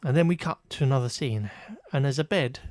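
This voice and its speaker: A man talks through a film's scenes in casual podcast chat, wry and exasperated, and he stumbles over fillers as he goes. His voice sits at a middle pitch and is recorded close and dry, with no room sound. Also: a little fast, darkish tone, dry recording. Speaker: podcast co-host. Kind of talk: casual chat reviewing a film.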